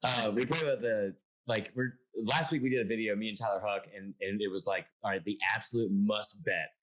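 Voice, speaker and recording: A man's voice: on the low side, brisk, background noise. A man from Atlanta hosting a casual sports panel by video call, telling stories with lots of restarts. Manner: rambling storyteller with many restarts. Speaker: sports show host.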